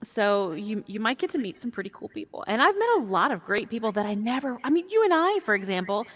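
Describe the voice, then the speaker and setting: A woman speaking as an interview guest in casual chat, warm and animated and quick to laugh. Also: on the high side. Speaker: guest, VR sport caster. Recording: long echoey reverb.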